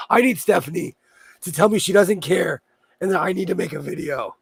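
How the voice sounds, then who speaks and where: A man with a Minnesotan accent hosting a sewing livestream, chatting playfully and breaking into loud laughing exclamations. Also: high voice, moderate pace, vocal fry, breathy edge. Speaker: sewing channel host. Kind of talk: casual livestream chat.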